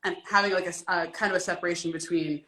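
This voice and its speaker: A woman's voice: on the low side, steady tone, fast talker, fairly bright tone. A woman who created the show, interviewing an actress in a friendly, casual way. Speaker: series creator interviewing the cast.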